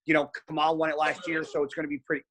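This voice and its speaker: A man's voice: fairly high pitch, rapid-fire. A man as a podcast guest, telling stories in casual chat, blunt and heavy on profanity. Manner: blunt, profane, animated storyteller.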